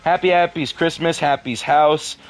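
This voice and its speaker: A man casually reading a horror story aloud for his video, breaking off for deadpan asides and the odd curse. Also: fairly high pitch, moderate pace, no room sound. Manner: deadpan asides, swears in frustration.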